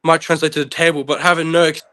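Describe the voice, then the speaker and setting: A man's voice: on the high side, little pitch movement, fast talker, sharp tone, clear, resonant tone. A young man, an arm wrestler guest, talking in a rambling, casual, self-deprecating way. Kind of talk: casual chat.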